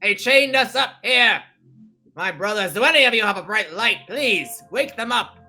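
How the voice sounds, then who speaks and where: A man voicing a gruff, buff older male dwarf who shouts in alarm and blusters. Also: sits high, lively intonation, moderate pace, soft background music, pitched above the performer's own voice, full character voice. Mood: urgent. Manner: bellowing, blustery.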